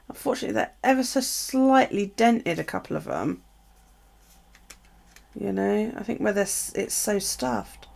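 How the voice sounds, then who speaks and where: A woman's voice: mid-range voice, gravelly, darkish tone. A middle-aged woman with a British accent, chatting casually to viewers while unboxing craft supplies and gushing over them. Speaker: craft live streamer.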